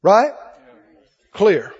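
A pastor with a high, breathy voice and big pitch swings preaches extremely slowly to his congregation, emphatic and calling for responses. The lo-fi recording was made in a reverberant church hall.

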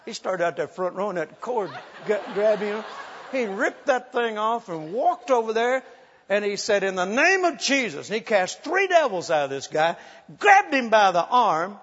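Male preacher, high and lively, spinning funny tales from the pulpit; dull sound with a long hall reverb. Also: normal speed, breathy edge. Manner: animated, humorous, acts out quotes, laughs often. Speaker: preacher telling ministry stories. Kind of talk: sermon storytelling.

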